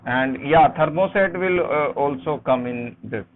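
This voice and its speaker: Slow Indian English teacher on a tinny line. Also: male voice, on the high side. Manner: slow, repetitive answer-checking with fillers. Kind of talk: online class lesson. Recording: tinny phone-line audio with faint hiss.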